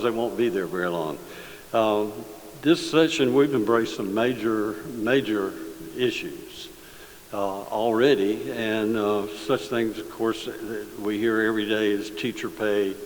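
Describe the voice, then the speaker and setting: Folksy senator in a big hall. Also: male voice, on the low side. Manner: easygoing storyteller, halting with fillers. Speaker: state senator. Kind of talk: folksy speech with a joke story. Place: large hall, addressing an audience. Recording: long hall reverb, faint hiss.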